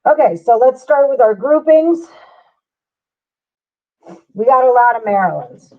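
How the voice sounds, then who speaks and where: A woman's voice: fairly high pitch, lively intonation, a little slow, narrow, tinny audio. A woman hosting a live sports-betting stream, chatting loosely with viewers and co-hosts. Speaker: sports betting show host. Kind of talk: casual live-stream chat.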